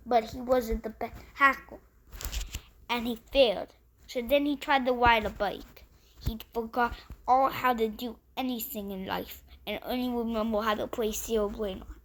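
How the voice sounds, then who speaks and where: A woman tells a made-up story off the cuff, piling one sentence onto the next and restarting often. Her voice is fairly high for a woman, and she never stops to tidy up. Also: measured pace, fairly bright tone, slight background noise. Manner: rambling, run-on, with restarts. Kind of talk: improvised story narration.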